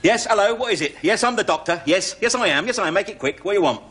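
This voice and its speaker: Brief: chirpy burglar posing as a doctor, middle-aged, lively and fairly high voice, noisy old TV recording. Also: male voice, fast talker. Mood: cheeky. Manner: chatty, bluffing, full of tag questions. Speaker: comic actor in a sketch. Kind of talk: television sketch comedy acting.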